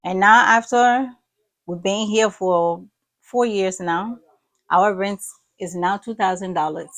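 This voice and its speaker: A woman's voice: medium pitch, slow pace. A woman with a Liberian accent vlogging casual commentary, scolding and exasperated as she tells stories. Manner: exasperated, scolding, animated storytelling.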